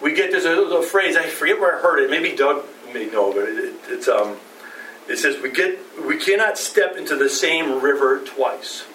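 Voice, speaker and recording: A man's voice: a little high, lively intonation, moderate pace, a bit bright. A middle-aged man preaching a Sunday sermon as pastor, speaking conversationally and asking the congregation rhetorical questions. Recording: roomy, distant, faint ambient noise.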